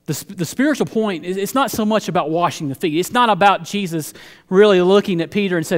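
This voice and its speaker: A man's voice: sits high, fairly quick. Earnest preaching man in echoing church. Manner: earnest, repeats words while building a point. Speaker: pastor. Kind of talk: sermon. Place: church sanctuary.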